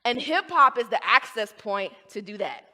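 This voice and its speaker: Animated woman lecturing in a hall. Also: a little high, normal speed. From American South. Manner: emphatic, rhetorical, with asides. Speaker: guest lecturer. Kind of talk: academic talk to an audience. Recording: long hall reverb.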